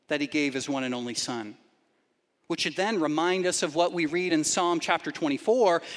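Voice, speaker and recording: High-voiced preacher with a twang. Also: male voice, big-room sound. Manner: dynamic preaching, drops to quiet emphasis then rises. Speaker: pastor. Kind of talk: sermon.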